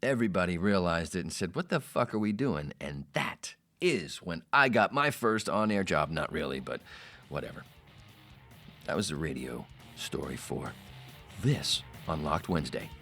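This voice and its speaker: A man's voice: low voice, animated, normal speed, gravelly, a bit bright, faint music behind. A man hosting a podcast, telling a rambling, profane story in a casual way. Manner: rambling, profane, self-interrupting. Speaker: podcast host.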